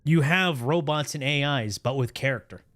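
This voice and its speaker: A man livestreaming and reacting in a casual chat, animated and profane, with his pitch swinging up and down. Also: normal speed, no echo.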